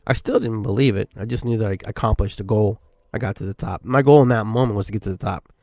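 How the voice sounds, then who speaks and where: A man's voice: lowish voice, quick pace, darkish tone, no echo. A man hosting a podcast, telling a personal story in a casual, rambling way full of "you know" fillers. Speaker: podcast host.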